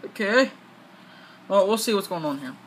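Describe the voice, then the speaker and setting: High, excitable gamer man. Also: moderate pace, slight background noise, low-quality recording. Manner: excitable, talks back to the game, swears and laughs. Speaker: gaming channel host. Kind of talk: casual gameplay commentary.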